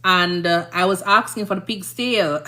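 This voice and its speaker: A Jamaican woman chats casually on her livestream, her voice bright and forceful though pitched fairly low. She rambles through stories and keeps checking in with her listeners, asking if they understand. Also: measured pace. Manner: chatty, rambling, often asks "you understand?". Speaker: nurse and livestream host.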